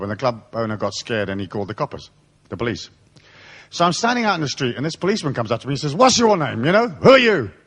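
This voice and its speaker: Animated, profane male seminar speaker. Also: medium pitch. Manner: animated storytelling, blunt and profane. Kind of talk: live seminar talk with anecdotes. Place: live seminar hall.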